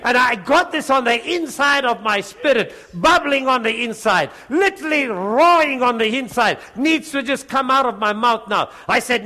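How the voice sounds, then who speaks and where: A male preacher tells a testimony in a lively way, breaking into laughter and acting out each voice in the story. His voice sits high for a man. It has a bright, forceful edge. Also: moderate pace, few pauses. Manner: animated, laughs often while telling the story.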